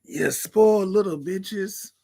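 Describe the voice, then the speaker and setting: A loud, insufferable old lady lecturing the young ones, her voice pitched high and stretched out slowly, as a woman puts her on. Each line is drawn out and crowing, with a raspy, smoker-like edge. She sounds pleased with herself while she scolds. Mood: scolding.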